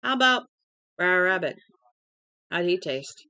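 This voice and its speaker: A woman voicing a sinister male drifter who taunts a prisoner in a falsely gentle, soothing way, in a storybook reading. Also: on the low side, animated, measured pace, clean tone, no room sound, exaggerated voice. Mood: taunting. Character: sinister drifter man, mock-soothing and cruel.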